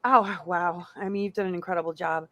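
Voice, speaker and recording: A woman speaking as a guest on a roundtable podcast, effusive and halting as she gives her praise. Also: lowish voice, fairly even intonation, bright, forceful tone, dry recording. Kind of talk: casual roundtable chat.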